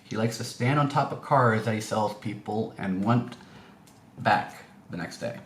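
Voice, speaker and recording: A man's voice: fairly low pitch, measured pace. A man telling a story casually as a vlogger, rambling with many fillers and restarts. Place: indoor room. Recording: echoey room, faint noise.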